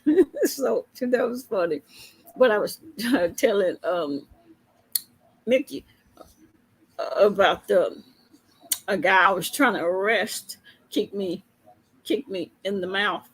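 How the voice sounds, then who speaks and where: Slow, gravelly woman telling a story. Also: medium pitch, low-quality recording. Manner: chatty, laughs often while telling a story. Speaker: police officer. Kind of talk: casual storytelling to camera.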